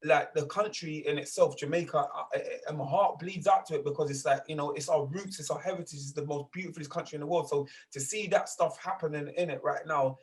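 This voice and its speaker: Animated London man in casual talk. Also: fairly high pitch, quick pace, hardly any pauses. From England. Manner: animated, emphatic, full of street slang and repeated asides. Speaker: grime artist guest. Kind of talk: casual interview chat.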